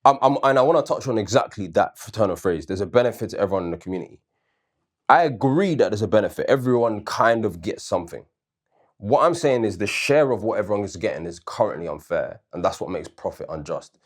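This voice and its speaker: A man's voice: fairly low pitch, expressive, fast talker. A man co-hosting a casual debate show, arguing his point earnestly and backing it with questions and personal stories. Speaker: co-host.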